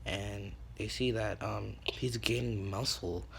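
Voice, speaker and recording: A man's voice: on the low side, steady tone, slow pace, creaky, fairly bright tone, a little hiss or hum. A man telling an improvised fan story casually, rambling with many ums and correcting himself as he goes.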